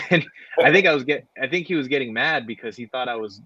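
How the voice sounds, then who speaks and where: A man, a guest wrestler, telling stories in a relaxed way, with lots of fillers and laughter. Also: medium pitch, fast, slightly rough, dry recording. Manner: laid-back, many fillers, laughs while telling stories. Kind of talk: casual storytelling. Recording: dry, dull lo-fi audio.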